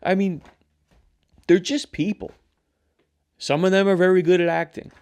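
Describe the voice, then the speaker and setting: A young man hosting his own show, rambling and swearing in a casual, animated rant. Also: high voice, moderate pace, smooth. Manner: rambling, profane, animated ranting. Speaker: show host. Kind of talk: casual solo commentary.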